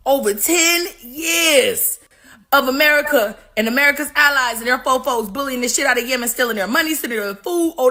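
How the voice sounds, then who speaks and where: A woman hosts a live stream and talks casually to her viewers. She tells the news as a profane, animated story. Her voice is high and bright.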